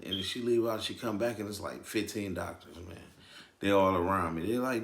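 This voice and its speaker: Man, casual storyteller vlog voice, swears often, lower pitch, reverberant room. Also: a little fast. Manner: loose, slangy, says "man" often, swears. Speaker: storyteller vlogger.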